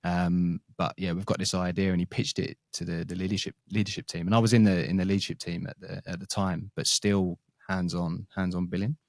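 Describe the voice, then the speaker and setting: A man's voice: sits low, little pitch movement, brisk, creaky, hardly any pauses, no echo, studio quality. A man who is a podcast guest, recounting his career in a rambling, anecdotal, casual way. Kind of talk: casual interview chat. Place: works in Sydney, Australia.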